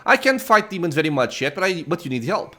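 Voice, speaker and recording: A man's voice: a little high, very animated, fast, pushed and bright, heavily acted. Aivu, a chatty little dragon girl as a man reads her lines. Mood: chirpy. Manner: chatty, playful, boastful. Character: cheerful young female dragon child. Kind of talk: reading game dialogue aloud.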